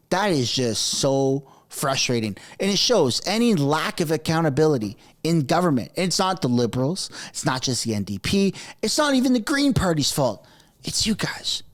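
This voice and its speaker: A man's voice: a little high, very animated, moderate pace. A man giving a sarcastic, exasperated political rant as a commentary host. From Canada.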